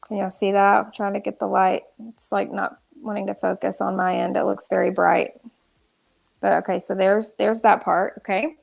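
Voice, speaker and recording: A woman's voice: medium pitch, level tone, normal speed, vocal fry. A woman ranting through live commentary, exasperated and restarting often. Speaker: drama commentary streamer.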